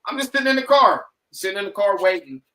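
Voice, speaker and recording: A man on a podcast telling a story casually, animated and profane, acting out what people said. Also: high-pitched, fast, low-quality recording. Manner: animated, profane, acts out quoted lines. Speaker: podcast guest.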